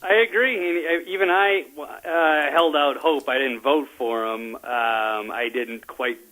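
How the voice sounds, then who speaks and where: A man appearing as a guest on a political talk show, agreeable and halting, with fillers. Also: a little high, pushed and bright, low-quality recording.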